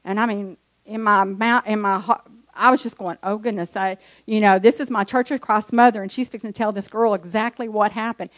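A woman's voice: mid-range voice, fairly even intonation, brisk, no room sound. A woman from the congregation telling an emotional personal testimony. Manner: emotional, storytelling. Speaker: church member giving testimony.

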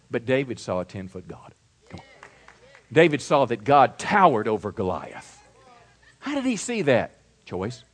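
A man preaching a sermon with a wide, lively pitch that climbs on every key point. He alternates between booming declarations and softer, conversational asides, like a pastor working a congregation. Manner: emphatic preaching, swinging between loud declarations and quiet asides.

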